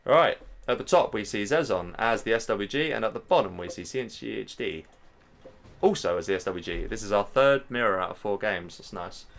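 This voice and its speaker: A man's voice: fairly low pitch, brisk, vocal fry. Chatty man casting a game stream. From England. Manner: chatty, addresses the chat directly, gets excited at plays. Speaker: stream host and caster. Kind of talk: live game commentary.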